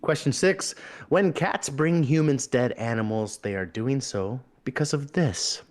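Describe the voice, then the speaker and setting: A man's voice: mid-range voice, unhurried. A man hosting a casual trivia round, reading out questions and joking with players. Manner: joking, laughs often, animated delivery. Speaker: quiz host.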